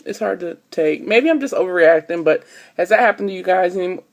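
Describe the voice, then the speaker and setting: A woman's voice: on the low side, lively intonation, a little fast. A woman, chatting to camera at home and telling stories with many ums and "so look". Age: 20s. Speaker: vlogger. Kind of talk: casual chat to camera. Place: at home, upstairs room.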